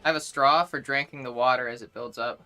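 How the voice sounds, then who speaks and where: A woman's voice: a bass voice, fairly even intonation, fast talker, bright, forceful tone, faint music behind. A young woman chatting casually on a live stream, greeting viewers one by one and joking crudely. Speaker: livestreamer.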